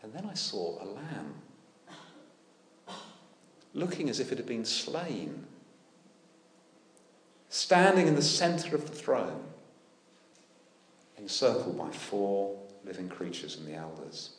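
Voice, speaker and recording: A man preaching a sermon, animated and full of rhetorical questions with dry humour. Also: on the low side, slow, pauses often, echoey room, a little hiss or hum. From United Kingdom. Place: church.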